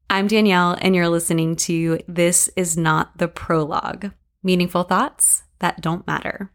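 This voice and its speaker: A woman reads her own scripted memoir stories as a podcast host, with dry, deadpan humor. Her voice sits somewhat low for a woman. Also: measured pace.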